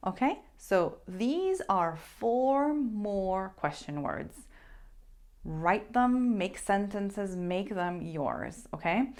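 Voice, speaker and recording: Slow, lively-voiced woman teaching a language. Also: mid-range voice. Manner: emphatic, repeats key words for stress; slow, careful modeling of pronunciation. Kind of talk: language lesson to camera.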